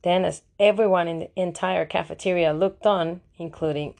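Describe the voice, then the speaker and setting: A woman's voice: lowish voice, fairly even intonation, normal speed, vocal fry, darkish tone. Wry woman reading an audiobook. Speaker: audiobook narrator. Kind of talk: first-person audiobook narration.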